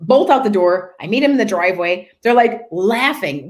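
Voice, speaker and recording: There's slight background noise as a woman with a mid-range voice, talking at a moderate pace, relates a funny real estate work story on a podcast. She tells it casually and animatedly, acting out the people involved.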